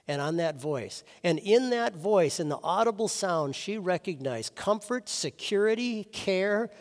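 A man's voice: fairly high pitch, a little mellow. Earnest preaching man in a reverberant chapel. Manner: earnest, storytelling preaching with emphatic rises. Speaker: chaplain. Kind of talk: sermon.

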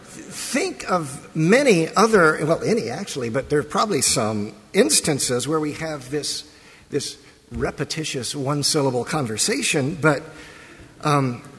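A man's voice: a little high, a bit bright. Man preaching in a reverberant church. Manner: conversational, pausing and restarting phrases. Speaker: pastor. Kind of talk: sermon. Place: church sanctuary.

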